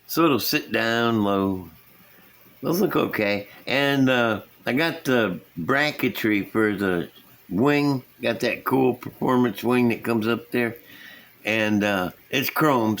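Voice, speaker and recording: Gravelly and slow, yet fairly bright, this fairly low male voice belongs to a middle-aged scale model builder who hosts a channel. At his indoor workbench he casually displays his builds, rambling in a folksy style and laughing at himself.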